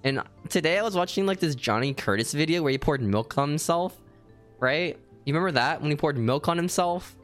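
A young man co-hosting a podcast, excitable and swearing freely in casual banter. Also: fairly high pitch, a little fast, faint music behind. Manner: excitable, swearing, jumping between topics. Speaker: podcast co-host.

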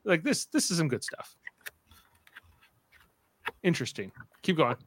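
A man's voice: fairly high pitch, sing-song, unhurried, fairly bright tone, a little hiss or hum. A man co-hosting a podcast, playful and quizzing the others in casual chat. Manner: playful, quizzing his co-hosts. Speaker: podcast co-host.

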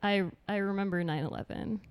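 A woman in her twenties from the United States, a guest comedian chatting casually on a podcast, halting with many fillers and dry jokes. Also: medium pitch, steady tone, smooth. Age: 20s.

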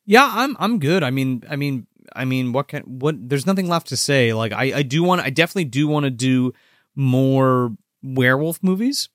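A man's voice: mid-range voice, animated, moderate pace, fairly bright tone, no room sound, clean studio sound. Swearing casual man on a live stream. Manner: rambling, swears often, reads chat comments. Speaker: podcast co-host.

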